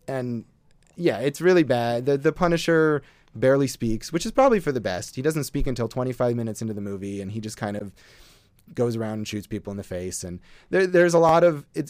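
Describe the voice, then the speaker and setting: A man's voice: medium pitch, a little mellow, no echo. A man casually reviewing films as co-host, wry and rambling with many fillers. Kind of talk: casual movie review chat.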